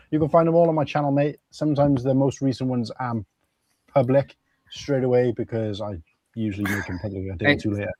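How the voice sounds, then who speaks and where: A man's voice: medium pitch, darkish tone, no room sound. A man hosting a casual live stream with friends, laid-back, laughing often and swearing freely. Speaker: streamer and show host.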